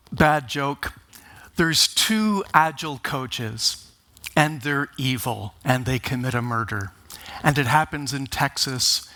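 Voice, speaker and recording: A man giving a conference talk, speaking deliberately and with emphasis, opening with wry jokes. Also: mid-range voice, pushed and bright. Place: conference stage.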